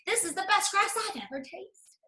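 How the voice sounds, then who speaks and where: A woman playing a selfish goat from a picture book, dismissing the fuss with a shrug in her voice. Bright and high, with a roomy echo. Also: expressive, normal speed, heavily acted. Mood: dismissive. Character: greedy, indifferent goat.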